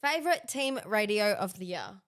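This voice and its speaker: A woman's voice: mid-range voice, animated, moderate pace, fairly bright tone. A woman co-hosting a podcast, chatting and leading the segments. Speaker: podcast co-host. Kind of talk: casual chat.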